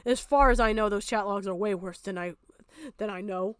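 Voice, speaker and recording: A woman's voice: mid-range voice, normal speed, clear, resonant tone, dry recording, clean studio sound. A young woman streamer giving angry, profane reaction commentary, ranting hard and breaking into laughter.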